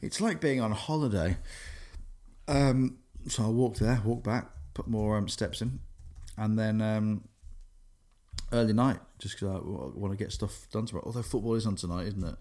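Rambling man, lowish voice. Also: moderate pace, darkish tone. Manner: rambling, lots of fillers and restarts. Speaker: podcast co-host. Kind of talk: casual chat.

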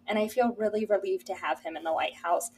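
A young woman co-hosting a podcast in casual chat, earnest and enthusiastic, often saying how excited she is. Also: medium pitch, fairly quick, slight background noise, low-quality recording. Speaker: podcast co-host.

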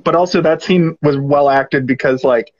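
High-voiced rambling man, movie chat. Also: normal speed, dull audio. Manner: rambling, lots of "like" fillers. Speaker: podcast host. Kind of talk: casual movie discussion.

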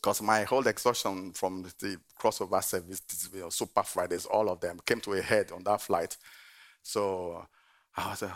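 A middle-aged man, a pastor, preaching a sermon with animated storytelling and frequent laughter. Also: sits low, normal speed.

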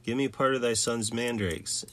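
A man reading the lines of Rachel, an envious childless ancient wife, in a plain, measured voice. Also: mid-range voice, steady tone, fairly bright tone, lightly acted. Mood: pleading.

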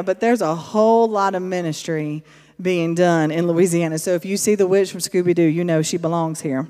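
A woman telling stories to a church audience in an animated sermon style, going from loud to hushed. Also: mid-range voice, normal speed, big-room sound. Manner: animated storyteller, swinging between loud and hushed. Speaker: speaker addressing a church.

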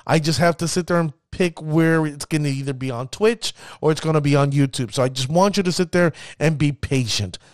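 A fired-up man hosts his own podcast, building hype and tripping over his words as he rambles. His voice sits a touch high for a man. The recording is close and dry, with no room around it. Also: brisk, few pauses, a little mellow, dry recording. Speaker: podcast host. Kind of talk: enthusiastic casual podcast talk.

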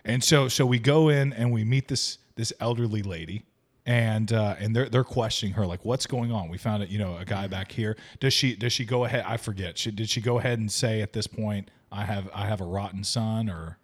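A lower-pitched man with a slightly husky voice chats about a film in a casual podcast. He talks excitably, stumbling over fillers and laughing often. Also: brisk. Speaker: podcast co-host. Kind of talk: casual movie review chat.

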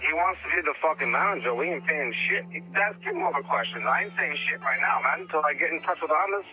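A man's voice: fairly high pitch, fast, slight background noise. A man voicing a hot-tempered, foul-mouthed male rock musician ranting on a phone call. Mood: grumbling. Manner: ranting, profane, snaps back to calm. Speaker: caller. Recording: muffled phone line.

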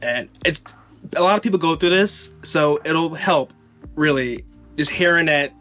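A man's voice: on the high side, measured pace, fairly bright tone, soft background music. A man hosting a podcast interview, speaking earnestly and conversationally. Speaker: podcast host. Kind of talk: casual interview.

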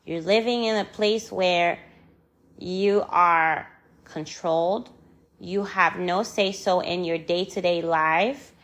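A woman's voice: fairly low pitch, takes it slowly, a bit bright. A woman in a personal vlog monologue, angry and frustrated, talking with passion, repeating phrases for emphasis and swearing freely. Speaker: vlogger.

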